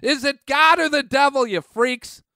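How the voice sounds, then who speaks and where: A man's voice: very high voice, measured pace, bright, forceful tone, no echo, studio quality. A man hosting a radio talk show, delivering ranting political commentary in a heated, sarcastic, mocking manner.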